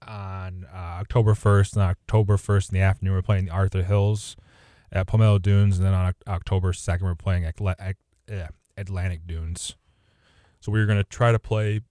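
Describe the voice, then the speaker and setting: Deep-voiced rambling man, easygoing. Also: mellow, no room sound, clean studio sound. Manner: rambling, self-correcting, easygoing. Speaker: golf podcast co-host. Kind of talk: casual chat.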